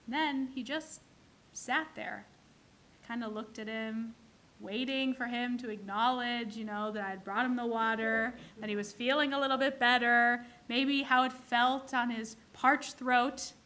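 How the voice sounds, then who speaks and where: High bright woman giving a sermon. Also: steady tone, a little slow. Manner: storytelling, acting out characters in jokes. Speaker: clergy leading a service. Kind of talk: sermon with jokes. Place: synagogue.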